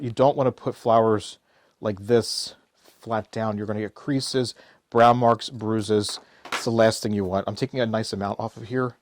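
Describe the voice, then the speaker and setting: A middle-aged florist gives a relaxed floral design tutorial, chatting and cracking self-deprecating jokes while he arranges flowers. His voice is mid-range with a darkish tone, recorded with no room sound.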